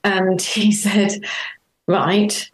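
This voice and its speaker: A middle-aged woman being interviewed, telling her story earnestly and warmly, acting out remembered dialogue. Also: mid-range voice, fairly even intonation, moderate pace. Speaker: interview guest. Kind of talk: reflective conversational interview. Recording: roomy echo.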